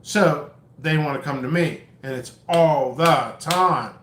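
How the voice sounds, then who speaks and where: Exasperated guy rambling on and on, kinda high voice, echoey room. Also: slow pace, fairly bright tone, slight background noise. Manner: long-winded, stammering, exasperated. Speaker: seed seller and channel host. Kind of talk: rambling vlog rant.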